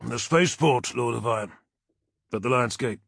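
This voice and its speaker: A man's voice: mid-range voice, normal speed, creaky, a bit bright, no echo, clean studio sound. A man doing a tense, determined armored officer. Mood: urgent. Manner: urgent, pressing.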